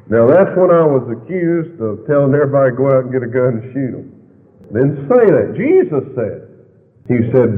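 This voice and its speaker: A man preaching a fiery sermon, with sudden loud, high swings in his delivery. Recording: tinny, lo-fi recording in a long-echo hall.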